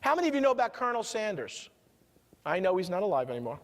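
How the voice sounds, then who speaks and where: Man, New York accent, high voice, motivational keynote speaker, energetic storytelling, long hall reverb. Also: fast talker. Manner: energetic storytelling with rhetorical questions to the audience. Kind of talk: keynote speech. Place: conference hall at a resort.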